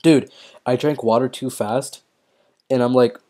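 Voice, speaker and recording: Young male streamer, excitable casual commentary, frequent swearing, hiccups and throat-clearing. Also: medium pitch, a little slow. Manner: excitable, swears often, reads chat aloud. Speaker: mobile game streamer.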